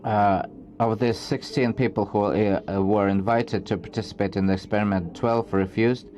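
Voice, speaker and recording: A man giving an academic research presentation, reading from slides in a halting way with frequent restarts. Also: lowish voice, steady tone, a little mellow, a little hiss or hum.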